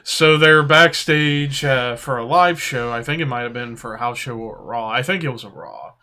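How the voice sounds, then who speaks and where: A man co-hosting a podcast, telling stories in a casual chat, animated and often laughing as he acts out voices. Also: medium pitch, moderate pace. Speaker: podcast co-host.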